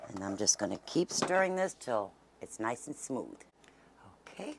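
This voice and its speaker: A woman's voice: very deep voice, big pitch swings, moderate pace, creaky, noisy background. Woman, home-cooking host, folksy and chatty, drifts into near whispers, kitchen setting. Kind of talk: casual cooking demonstration.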